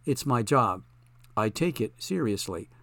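A patient, dutiful chauffeur, voiced by a man, who answers every outburst with calm, steady replies. The reading stays close to the narrator's own mid-pitched voice, recorded dry and close. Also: measured pace, no room sound. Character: calm, loyal male chauffeur and bodyguard.

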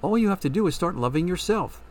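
A man reading a story, voicing a calm woman fortune teller who asks measured, probing questions. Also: high-pitched, pitched above the performer's own voice. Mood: counseling.

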